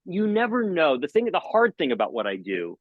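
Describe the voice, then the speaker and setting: Brief: middle-aged male entertainer, energetic storyteller, jumps into high-pitched bits, dry close sound. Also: fairly quick, no room sound, phone-quality sound. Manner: lively, jokey, acts out anecdotes with sudden high exclamations. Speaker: magician and mentalist guest. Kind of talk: animated storytelling in a podcast interview.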